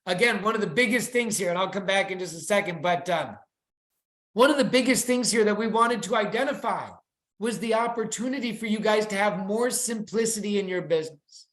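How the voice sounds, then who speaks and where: In an echoey room, an excitable presenter briskly walks through a weekly company update on a video call, sharing slides and pitching it with sales-style enthusiasm.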